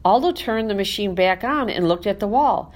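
A woman narrating a children's storybook in first person as a classroom pet, reading in an animated, expressive way. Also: mid-range voice, normal speed. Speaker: audiobook narrator.

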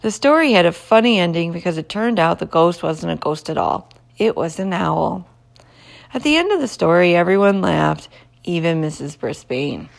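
A woman reading a children's chapter book aloud in a gentle, expressive way. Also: on the low side, moderate pace, vocal fry. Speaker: storybook reader.

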